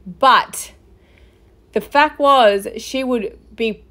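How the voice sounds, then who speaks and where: A woman's voice: a little high, drawn-out words, a bit bright. A woman hosting a casual commentary podcast, talking in a loose, gossipy way with lots of fillers and swearing. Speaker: podcast host.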